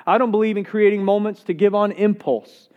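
A male pastor preaching a sermon with energy, repeating words as he gets excited. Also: sits high, fairly quick, phone-quality sound.

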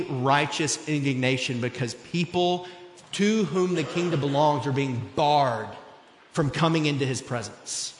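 A man in his thirties preaching a sermon in a church, earnest and conversational, with personal stories. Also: on the high side. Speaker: pastor. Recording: echoey hall.

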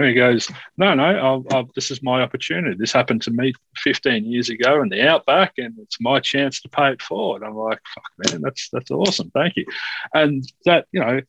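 A man's voice: medium pitch, fairly bright tone, husky, no room sound, muffled recording. A man hosting a casual podcast chat, rambling and reflective as he tells anecdotes.

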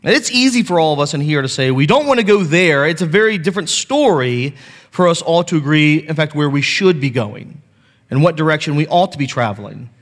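A man's voice: a little high, lively intonation, fairly quick. A man in his thirties preaching a sermon to his church on a handheld mic, casual and self-deprecating as he tells family stories. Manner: conversational, self-deprecating storytelling. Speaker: pastor. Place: church sanctuary. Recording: long hall reverb.

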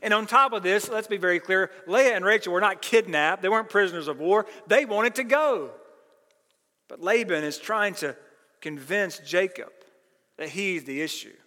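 A man's voice: sits high, moderate pace, bright, forceful tone. A male pastor preaching a sermon, explaining scripture with an emphatic, earnest teaching tone. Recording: long reverb of a large hall.

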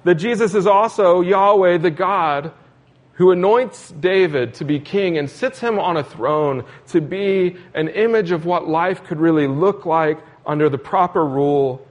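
A man's voice: sits high, unhurried. A man preaching a sermon in an earnest, repetitive cadence, asking questions as he goes. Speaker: pastor.

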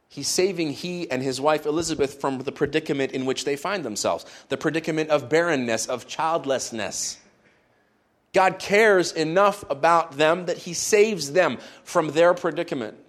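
Man preaching, a touch high. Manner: conversational storytelling with playful asides. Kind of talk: sermon.

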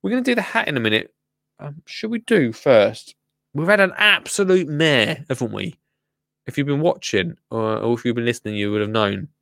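A chatty English man hosts his show with a jokey, rambling, casual delivery. His voice sits at an ordinary middle pitch and is recorded dry and close. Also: lively intonation, normal speed, vocal fry, a bit bright, no room sound. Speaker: show host. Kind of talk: casual live show chat.

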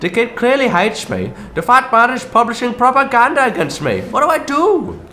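A man's voice: extremely high pitch, very animated, sharp tone, heavily acted. A man playing a self-pitying, short-tempered Christmas demon in a comedy sketch. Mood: aggrieved. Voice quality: gruff, self-pitying and quick to anger. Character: grumbling male Christmas demon with horns and fangs.

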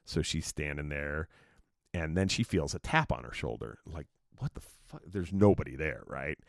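A man's voice: rumbling low, lively intonation, normal speed, creaky, no room sound, studio quality. A man hosting his own podcast, telling a story in a rambling, casual way with lots of fillers and swearing. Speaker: podcast host.

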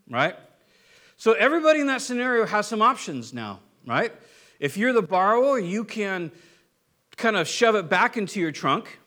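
A middle-aged pastor with a high-pitched voice delivers a sermon in a loose, conversational way. He keeps asking his listeners "right?" and slips into acting out the people in his stories. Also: sharp tone. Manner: conversational, acts out quoted people, frequent "right?".

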